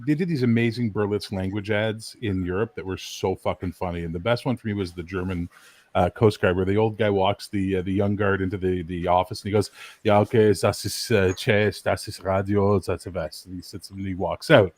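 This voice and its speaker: A man's voice: deep voice, a little fast, no echo. A man chatting casually as a podcast co-host, swearing freely and acting out bits. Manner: animated storyteller, swears freely, acts out voices. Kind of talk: casual chat.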